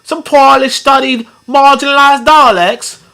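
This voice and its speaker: A man's voice: extremely high pitch, steady tone, unhurried, vocal fry, pushed and bright, pitched above the performer's own voice, heavily acted. A man putting on a pompous posh Englishman. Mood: mock-posh. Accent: exaggerated posh English. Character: pompous upper-class English man, exaggerated.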